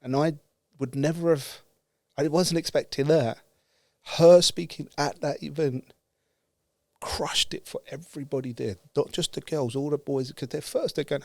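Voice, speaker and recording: A man from the UK telling a story with lively energy, acting out the dialogue and laughing as he goes. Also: on the high side, moderate pace, vocal fry, dry recording, studio quality. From United Kingdom. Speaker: guest speaker. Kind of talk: animated storytelling.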